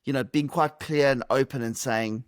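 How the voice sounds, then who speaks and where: A middle-aged South African guest on a podcast responds to interview questions via video call, thoughtful with a light touch of humor. His medium-pitched voice is clear and resonant, fairly even in intonation at normal speed, with clean studio sound and no echo.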